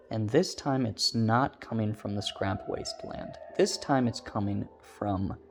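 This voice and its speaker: A man recounts a spooky personal story in a loose, casual ramble, leaning on filler words. His voice sits low and has a gravelly fry to it. Soft guitar music plays faintly underneath.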